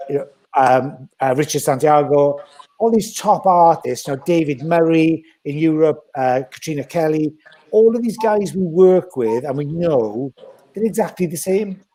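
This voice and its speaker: Blunt man, mellow voice. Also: on the high side. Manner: blunt, animated, acts out quoted voices. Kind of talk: casual podcast chat.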